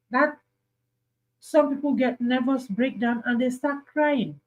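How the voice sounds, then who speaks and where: A woman's voice: a little high, a little mellow, low-quality recording. A Nigerian woman hosting an advice talk, speaking earnestly and pleading, repeating her points for emphasis. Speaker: host.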